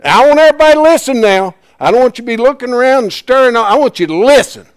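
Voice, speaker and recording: A man teaching a Bible class in a folksy, plain-spoken way, swinging from hushed asides to loud emphasis. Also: very high voice, expressive, rapid-fire, dry recording, clean studio sound.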